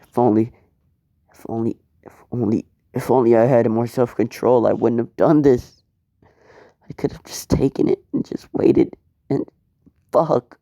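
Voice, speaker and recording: A man puts on a volatile young male hero who swears when agitated. The voice is gravelly and low-toned, recorded dry and close. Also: fairly even intonation, moderate pace, warm tone, dry recording, lightly acted. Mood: anguished.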